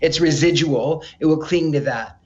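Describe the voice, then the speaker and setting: A man as a psychic guest in an interview, telling stories in an animated, chatty way with frequent stammered restarts. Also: fairly high pitch, normal speed, dull audio. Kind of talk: casual interview storytelling.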